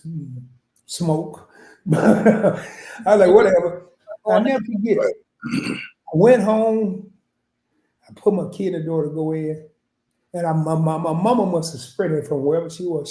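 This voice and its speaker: High-voiced man telling a story. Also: a little mellow. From small-town Arkansas. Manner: laughing, rambling storyteller with frequent restarts. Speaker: podcast guest. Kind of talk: casual storytelling chat. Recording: echoey room.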